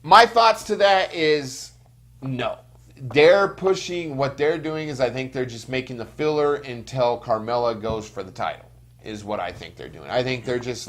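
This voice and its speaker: A man's voice: mid-range voice, measured pace, fairly bright tone. Male podcast host, casual chat, blunt profane rants, stumbles on restarts.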